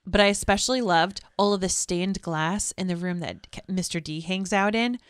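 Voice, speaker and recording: A woman in her forties from New England, hosting a casual podcast recap in an animated, playful way. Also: on the low side, normal speed, clear, resonant tone, no echo, studio quality. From New England, United States. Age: 40s. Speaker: podcast host.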